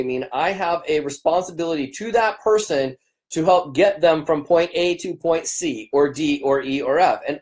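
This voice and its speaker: A man's voice: on the high side, a little mellow. A business coach, a man, chatting casually on a livestream, greeting viewers by name in an upbeat, rambling way, his voice strained and cracking from a long day of talking.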